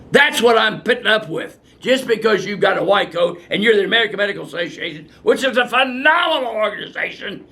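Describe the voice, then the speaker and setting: A man's voice: high-pitched, animated, fast, hardly any pauses, sharp tone. An older male physician answering viewer questions in a blunt, fiery and profane way, ranting at length. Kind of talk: unscripted question-and-answer talk.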